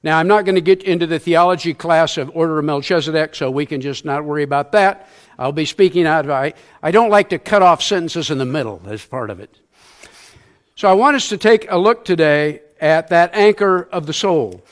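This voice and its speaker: A man's voice: fairly high pitch, brisk. An older man, a church elder, giving a sermon through a self-deprecating personal story, acting out sounds and quotes along the way. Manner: acts out sounds and quotes in his stories.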